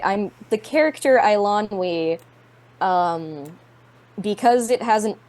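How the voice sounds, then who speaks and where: A woman tabletop game player chatting casually about her character, excitable and rambling with fillers. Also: fairly low pitch.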